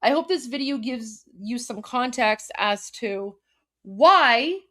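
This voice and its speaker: A woman's voice: on the high side, expressive, takes it slowly, sharp tone. A woman from Iran hosting a live commentary stream, talking emphatically with frequent fillers and restarts. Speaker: host.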